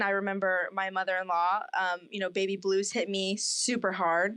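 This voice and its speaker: A woman's voice: medium pitch, little pitch movement, normal speed, hardly any pauses, a bit bright, smooth, no echo. A young woman co-hosting a podcast, chatting casually with lots of fillers and getting emotional. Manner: rambling, many fillers, emotional. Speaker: podcast co-host. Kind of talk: casual chat.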